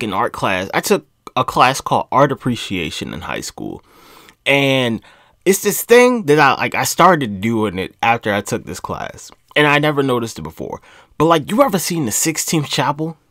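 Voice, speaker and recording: A young man riffs to camera in a loose, profane, rambling monologue, his pitch swinging up and down as he gets worked up. He chuckles at his own jokes. The sound is close and dry, with no room around it. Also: a bit bright, no room sound. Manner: rambling, swearing freely, laughing at himself. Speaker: vlog host. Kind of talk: casual profane rant to camera.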